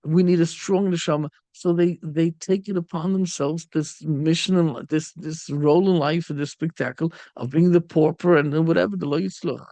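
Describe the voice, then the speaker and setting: A rabbi teaching a Torah lesson, his voice high and gravelly with a rough, fried edge. He tells parables with feeling and slips into the voices of the figures he quotes. The sound is dry and close, with no room echo. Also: moderate pace, hardly any pauses. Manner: animated storytelling, acts out quoted speakers. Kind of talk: Torah lecture.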